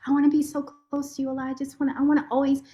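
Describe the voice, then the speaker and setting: A woman lawyer giving a heartfelt, expressive personal testimony as a podcast guest. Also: high voice, rapid-fire. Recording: roomy echo.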